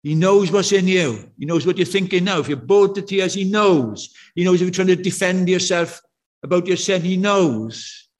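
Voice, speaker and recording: A man's voice: sits high, lively intonation, moderate pace. Conversational man preaching a sermon. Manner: conversational, anecdotal, full of rhetorical questions. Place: church.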